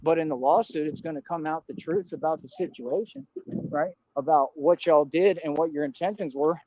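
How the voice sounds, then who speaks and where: A man with a slightly high voice rants defiantly into a livestream, looping back to the same points in loose street slang. The audio is dull and lo-fi, with a dry, close sound. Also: normal speed, no echo. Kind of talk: ranting livestream monologue.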